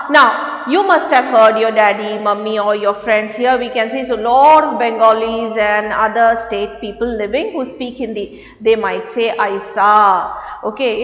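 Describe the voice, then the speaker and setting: Woman with a Malayalam accent, high voice, patient children's teacher. Dull, muffled sound in a reverberant room. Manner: patient, repeats words for children to echo. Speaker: Hindi teacher. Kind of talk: online lesson for young children. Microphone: online class recording.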